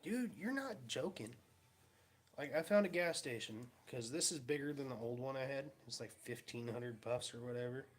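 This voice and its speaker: Here the young man's medium-pitched voice is expressive and moves at a normal speed. He's a vlogger in his home garage, laughing through loose, wandering stories and voicing the quoted lines himself.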